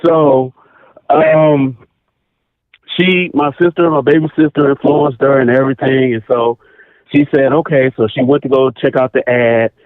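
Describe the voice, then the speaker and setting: A man calling in to a radio talk show, telling a personal story in a casual, animated way and repeating phrases for emphasis. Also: medium pitch, unhurried, no echo. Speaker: caller. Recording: tinny phone line.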